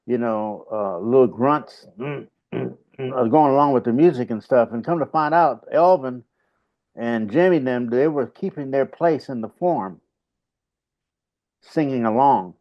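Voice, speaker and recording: A male saxophonist and bandleader, interviewed over a video call, reflects casually on stories in a rambling, halting way full of fillers. His voice is mid-range, and now and then he hums little grunts to illustrate. The call audio is dull and lo-fi.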